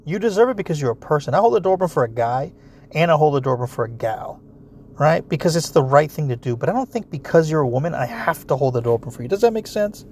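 A solo commentator delivers a blunt, profane rant, swearing heavily and speaking straight at his listeners in an animated way. The man's voice is on the high side and he talks fast, with slight background noise.

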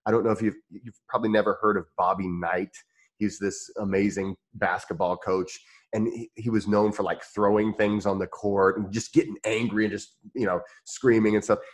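A man's voice: on the low side, fairly even intonation, normal speed. A man from Indiana with a rural Midwestern American accent, hosting a podcast interview in a rambling, easygoing way full of restarts and fillers. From Indiana, United States. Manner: rambling, many restarts and fillers, laughs easily. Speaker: podcast host. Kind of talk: casual interview chat.

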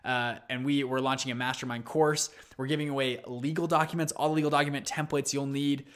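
A young adult man hosting a solo podcast, telling stories in an energetic, chatty way. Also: medium pitch, a little fast, clear, resonant tone. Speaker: podcast host. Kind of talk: casual solo podcast talk.

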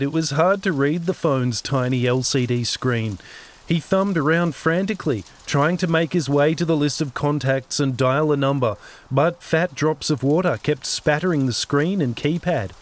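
A man narrating his own novel-length audio story in a steady, scripted reading. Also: on the high side, moderate pace. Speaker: narrator and author.

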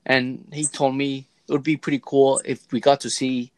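A man's voice: mid-range voice, moderate pace, clean tone, no room sound. An American man hosting a casual podcast, joking around and talking animatedly. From United States. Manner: joking, animated, goofy put-on voices. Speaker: podcast host.

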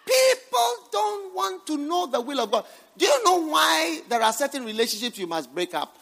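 High, gravelly preacher man, lively. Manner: emphatic preaching, bursts of shouting and laughter, repeats phrases. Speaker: bishop, preacher. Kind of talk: sermon. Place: church hall with congregation.

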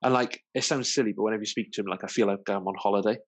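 A man's voice: lowish voice, steady tone, very fast. A man co-hosting a podcast in casual chat, easygoing and full of fillers. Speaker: podcast co-host.

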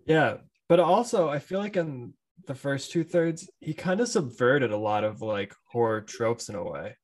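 A man's voice: mid-range voice, expressive, normal speed, darkish tone. A man co-hosting a casual movie podcast, laid-back, often answering with short agreeing remarks. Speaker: podcast co-host.

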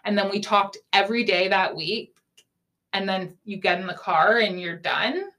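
A woman's voice: mid-range voice, moderate pace, fairly bright tone. A young woman hosting a podcast, candidly telling a dating story in casual chat, saying "like" often and swearing freely. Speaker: podcast host.

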